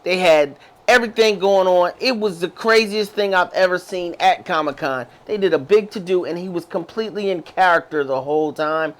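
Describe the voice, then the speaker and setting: A man with a high voice, chatting casually as a podcast co-host. He tells his stories with excitement, piling up details. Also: moderate pace, few pauses. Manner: excited, storytelling. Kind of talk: casual chat.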